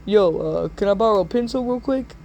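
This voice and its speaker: A woman voicing a pushy schoolboy bully who makes flat, blunt demands in a voice close to her own. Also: medium pitch, a little fast, a little hiss or hum, lightly acted. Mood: casual.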